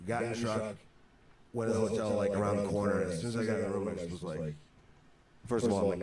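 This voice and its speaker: A man's voice: lowish voice, fast talker, a crowd in the background. A man, a guest in an interview, telling an anecdote in a wry, exasperated way. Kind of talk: storytelling anecdote. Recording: echoey distant replay from a stream.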